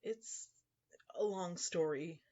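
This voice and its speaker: A man voicing a tearful, desperate teenage girl who speaks softly and hesitantly, sniffling. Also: high voice, very slow, highs cut off, heavily acted.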